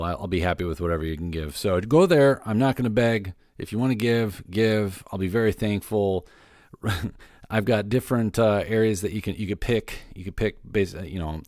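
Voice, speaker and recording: Male podcast host, lowish voice, dry close sound, casual rambling solo update. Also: a little mellow, no room sound. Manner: loose and rambling, many fillers and restarts.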